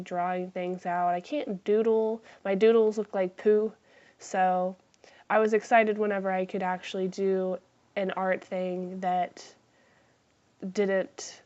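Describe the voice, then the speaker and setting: A woman's voice: medium pitch, a little mellow. Chatty, swearing woman vlogger, lo-fi sound. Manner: chatty and self-deprecating, swears casually; drops into whispers for asides. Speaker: craft vlogger. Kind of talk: casual vlog chat.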